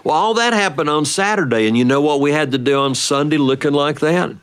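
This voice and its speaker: A man's voice: on the high side, a bit bright, clear, resonant tone. Folksy storyteller man. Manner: folksy, playful, drawn-out delivery. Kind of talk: told family story.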